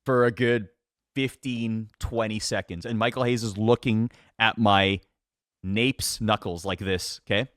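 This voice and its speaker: Animated man telling wrestling stories. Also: fairly low pitch, unhurried, no echo, studio quality. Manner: animated, laughing, filler-heavy. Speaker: wrestling announcer, podcast guest. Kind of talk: casual storytelling chat.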